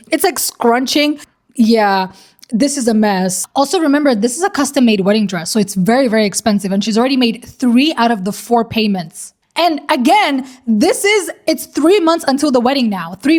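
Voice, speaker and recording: A young woman casually retelling a story in slangy, animated commentary, swearing and laughing as she goes. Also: sits high. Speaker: commentary creator.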